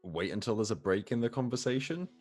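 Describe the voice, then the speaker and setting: A man with a low voice speaking as his character in a tabletop game. He is polite but hesitant, stumbling over words with frequent ums and uhs. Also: expressive, fast, a little mellow, faint music behind. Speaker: player.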